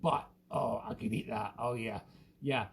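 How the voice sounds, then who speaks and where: A man's voice: medium pitch, unhurried, gravelly, a little hiss or hum, rough recording. A man playing a rambling, self-mocking male whisky expert in a comic live stream, slipping into a put-on Irish-sounding lilt. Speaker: host.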